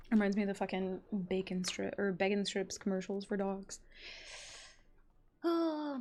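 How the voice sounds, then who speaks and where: A woman's voice: medium pitch, lively intonation, a little slow, pauses often, darkish tone. A woman live-streaming a game, chatting casually with her viewers, swearing freely and laughing often. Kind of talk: casual live-stream chat while gaming.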